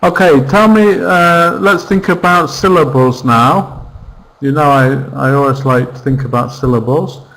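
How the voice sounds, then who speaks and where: A man's voice: medium pitch, a little slow, creaky, fairly bright tone, rough recording. A man teaching English online, patiently drilling vocabulary and word stress with his class. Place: virtual classroom.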